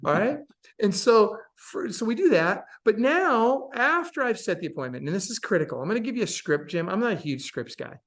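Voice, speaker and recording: A man's voice: high-pitched, sing-song, brisk, hardly any pauses, a bit bright. Emphatic, sarcastic man telling a story. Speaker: podcast guest, real estate coach. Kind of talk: casual storytelling interview.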